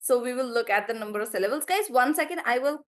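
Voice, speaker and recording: A woman's voice: on the high side, animated, fast. A woman teaching in a live online class, chatty and encouraging as she praises students by name and laughs often. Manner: laughs often between explanations. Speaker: English teacher.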